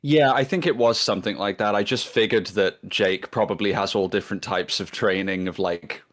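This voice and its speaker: Laid-back man with a low voice. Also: moderate pace, a bit bright. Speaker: series writer. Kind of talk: casual commentary chat.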